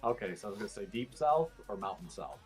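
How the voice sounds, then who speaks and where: A man's voice: lowish voice, sing-song, fast, faint music behind. A man talking as a guest on a casual podcast, thoughtful and full of fillers.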